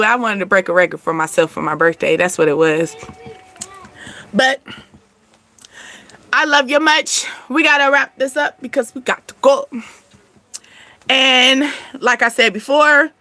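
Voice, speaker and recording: A woman's voice: a little high, pushed and bright. A woman hosting her channel, giving casual advice to viewers in a chatty, blunt way, laughing often and swearing now and then. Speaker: channel host.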